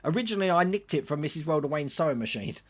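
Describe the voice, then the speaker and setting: Reading out comments from his chat, a livestream host answers them casually and chattily. His pitch is fairly high, his intonation lively, and his delivery rapid-fire.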